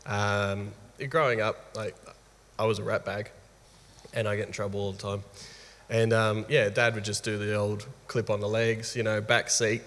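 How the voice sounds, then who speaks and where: This is an Australian man in his thirties sharing a candid story about being a father. He tells it with lively energy and frequent laughter. His voice sits a touch low, and a long room reverb trails behind it. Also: normal speed. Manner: lively, animated storyteller who laughs often. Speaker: guest father.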